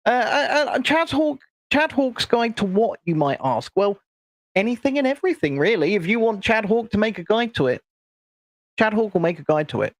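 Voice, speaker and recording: Man doing a grandiose internet guru, deadpan, third-person self-talk, fairly high voice, dry close sound. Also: normal speed, dry recording. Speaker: co-host playing a persona. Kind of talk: comedic livestream chat. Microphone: video call.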